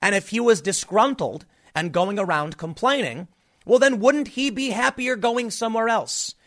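A man's voice: sits high, lively intonation, normal speed, a bit bright. A man delivering a solo political commentary monologue, emphatic and full of rhetorical questions.

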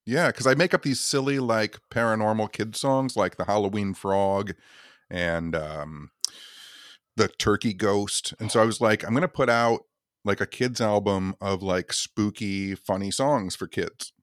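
A man from Michigan, a podcast guest, chatting in an easygoing way and keeping his voice low in his chest. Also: measured pace, clean tone, no echo, studio quality. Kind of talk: casual chat.

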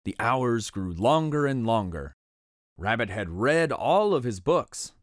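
Animated picture-book narrator. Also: mid-range voice, a little slow, slight background noise. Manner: expressive, animated reading. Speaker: storybook narrator. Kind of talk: children's picture book read-aloud.

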